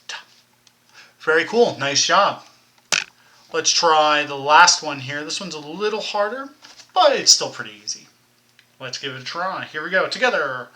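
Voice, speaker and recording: Bright-voiced man teaching kids rhythm. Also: a little high. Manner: encouraging, counts in and chants rhythm syllables. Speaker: music teacher. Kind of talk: recorded elementary music lesson.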